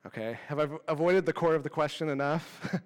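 A man in his thirties preaching a casual, animated sermon with self-deprecating asides. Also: on the high side, quick pace, in a large hall. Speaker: pastor. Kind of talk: conversational sermon.

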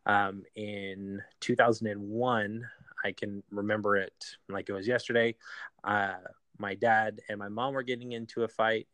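A man telling a painful personal story in an interview, halting with many fillers and restarts. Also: on the low side, fairly bright tone, no room sound. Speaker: guest.

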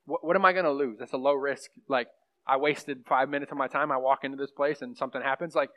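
A young pastor talks fast at a medium pitch, with a steady and fairly bright tone, teaching his class on prophecy. His style is rambling and conversational, full of fillers and asides to those present, in a muffled lo-fi room recording.

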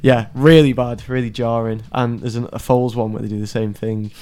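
A man's voice: medium pitch, steady tone, moderate pace, warm tone, clear, resonant tone. A man co-hosting a music podcast, chatting casually, laughing and swearing as he talks. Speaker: podcast co-host. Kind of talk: casual chat.

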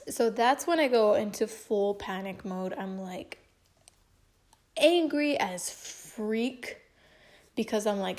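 Young woman vlogger, slightly high voice, casual emotive storyteller with lots of fillers. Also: lively intonation, slow pace, pauses often. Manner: chatty and emotive, heavy use of filler words. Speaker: vlogger telling a personal story. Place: at home.

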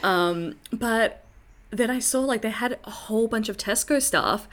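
A young woman co-hosts a laid-back podcast. She keeps the conversation moving with chatty, quick asides. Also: fairly high pitch, fairly bright tone. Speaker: podcast co-host. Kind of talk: casual chat.

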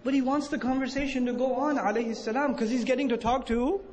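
A man's voice: very high-pitched, steady tone, quick pace, darkish tone, dull audio. A man teaching a religious lecture to a live audience, asking them questions and answering himself, acting out quoted lines with emphasis. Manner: acts out quoted speech with rising emphasis. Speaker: Islamic teacher. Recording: echoey hall with faint noise.

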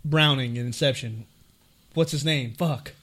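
A man's voice: medium pitch, unhurried, a bit bright. A man co-hosting a podcast, chatting casually about films, swearing often and rambling with lots of fillers. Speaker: podcast co-host.

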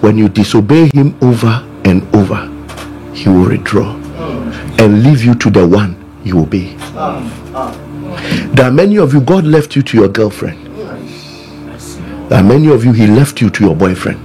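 A man's voice: fairly low pitch, lively intonation, normal speed, pauses often, warm tone, faint music behind. A man preaching fervently, repeating lines for the listeners to echo. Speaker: pastor. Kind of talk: sermon with prayer.

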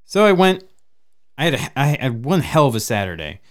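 A man hosting a podcast in loose, profane casual chat, laughing often and bursting with excitement. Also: medium pitch, fairly quick. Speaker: podcast host.

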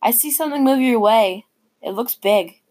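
A woman voicing a curious, stubborn little sister with a higher, pleading childish delivery. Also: moderate pace, darkish tone, lightly acted. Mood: calling out.

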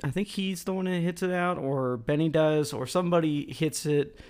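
A man's voice: on the high side, moderate pace, darkish tone, smooth. A man co-hosting a podcast, recapping a movie in loose, rambling casual chat, swearing and correcting his co-host.

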